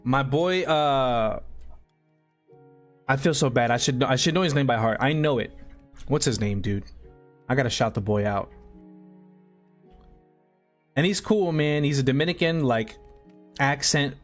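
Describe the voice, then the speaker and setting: A man's voice: medium pitch, a little slow, pauses often. A man live-streaming a game, chatting loosely with viewers in slang-filled, rambling talk. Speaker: gaming streamer. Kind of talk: casual live-stream chat while playing. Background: soft background music.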